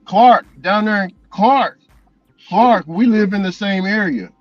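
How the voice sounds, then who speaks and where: A man's voice: high voice, slow, dull audio, soft background music. A man vlogging as a delivery driver, chatting casually and telling loose, profane stories with frequent laughs. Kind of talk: casual chat.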